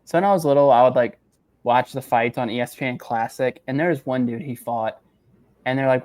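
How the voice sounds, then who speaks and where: A man's voice: medium pitch, no room sound. A man co-hosting a sports podcast, chatting casually and telling stories with acted-out quotes. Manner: animated storyteller, quick laughs, acts out quotes. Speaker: podcast co-host. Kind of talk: casual chat.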